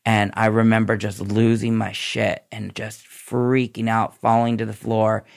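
A man's voice: fairly low pitch, little pitch movement, a little slow, vocal fry. A man recounting his past in a candid, tumbling way as a podcast guest. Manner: candid, tumbling run-on storytelling. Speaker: podcast guest, former nurse. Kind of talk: personal recovery story in a podcast interview.

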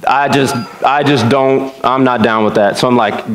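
Male pastor, sermon; animated storyteller, pitch swings widely, roomy church sound. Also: moderate pace, hardly any pauses. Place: church sanctuary. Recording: echoey church room.

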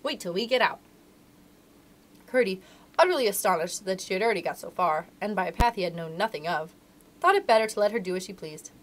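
A woman, a librarian, reading a storybook aloud to children in an expressive, animated way. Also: mid-range voice, fast talker.

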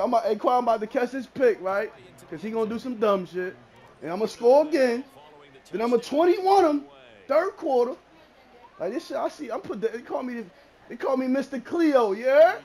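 A man streaming a football video game, taunting his opponent loudly and repeating phrases, dropping from shouts to mutters. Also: extremely high pitch. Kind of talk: live gameplay trash talk.

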